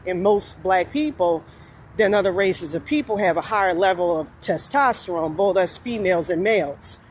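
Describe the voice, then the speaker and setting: A woman's voice: lowish voice, animated, normal speed, slight background noise. Rambling New woman vlogging. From New Orleans, USA. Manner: rambling, meandering, frequent fillers. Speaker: spiritual vlogger. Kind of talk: casual monologue.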